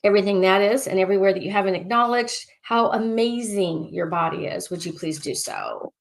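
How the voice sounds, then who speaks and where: An excitable woman coaching a group in a loose, casual way. She circles back and repeats her phrases and clearing statements, stopping herself mid-thought to start again. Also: medium pitch, a little fast, hardly any pauses. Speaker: life coach. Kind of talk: coaching session, casual and repetitive.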